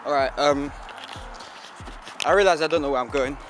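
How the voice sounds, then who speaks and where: A man's voice: on the high side, normal speed, a bit bright, soft background music. A young man, bantering playfully with friends while they travel. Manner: joking, playful. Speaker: vlogger's friend. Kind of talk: casual banter.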